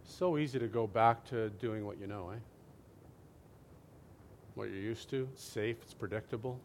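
A man preaching a sermon as a lively storyteller, swinging from loud to hushed and often asking his listeners "right?". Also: lowish voice, moderate pace, a little hiss or hum. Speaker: pastor.

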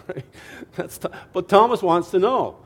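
A man preaching a sermon as a lively storyteller, swinging from loud to hushed and often asking his listeners "right?". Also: sits high, a little hiss or hum. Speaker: pastor.

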